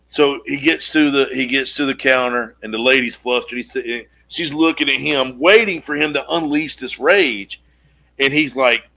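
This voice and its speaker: A man co-hosting a casual podcast, telling a long story in an animated way and acting out the quotes, with casual swearing. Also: mid-range voice, normal speed, gravelly. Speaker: podcast co-host.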